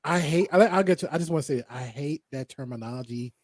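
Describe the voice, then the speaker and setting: A man's voice: fairly high pitch, fast. Laid-back man co-hosting a podcast. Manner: laid-back, slangy, talks to listeners directly. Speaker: podcast co-host. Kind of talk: casual podcast discussion.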